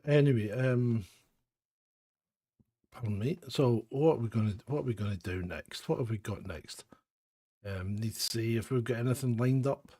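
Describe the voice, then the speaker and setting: A man's voice: mid-range voice, moderate pace, pauses often, warm tone, slightly rough, no room sound, studio quality. A Scottish man hosting a live phone-in stream, chatting in a rambling, self-mocking way with chuckles. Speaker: host of a live phone-in show. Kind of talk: casual live-stream chat.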